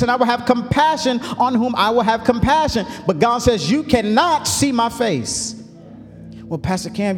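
A male pastor preaching a sermon, building up to shouts, with folksy asides. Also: high voice, long reverb tail.

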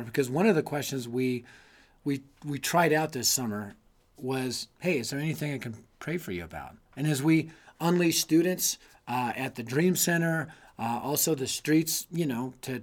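A middle-aged man giving an energetic, conversational teaching talk on youth ministry, emphatic and folksy, full of asides. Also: medium pitch. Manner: emphatic, conversational, lots of 'man' and 'you know'.

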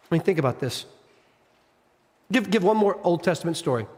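A man preaching an expository sermon, reading scripture and retelling stories in an animated, emphatic, conversational way. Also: high-pitched, a little fast. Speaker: pastor. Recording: reverberant church hall.

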